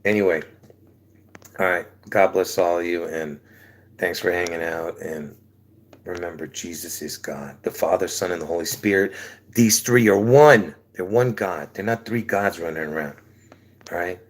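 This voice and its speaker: A man's voice: low-pitched, fairly even intonation, moderate pace. A man preaching casually to his channel on a livestream, rambling, chuckling between phrases and asking "all right?" again and again, with a sore throat.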